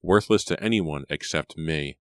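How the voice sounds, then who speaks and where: A man voicing an earnest, nervous young male gentleman with a trembling voice in an audiobook. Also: very deep voice, normal speed, dry recording, clean studio sound. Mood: frightened.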